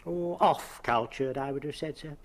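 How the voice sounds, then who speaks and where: A man's voice: a little high, close to an everyday voice. An actor playing a polite, hesitant male undertaker in a 1970s television police drama. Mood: deferential. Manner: hesitant, deferential, halting.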